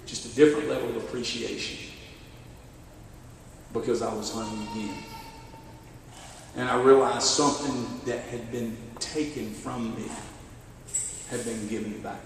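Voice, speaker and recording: A middle-aged man with a Southern US accent, a sheriff telling a story in a keynote speech in an animated, folksy way. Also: medium pitch, measured pace, creaky, pauses often, recorded from a distance, slight background noise. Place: church hall at a benefit dinner. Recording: echoey hall, voice from afar.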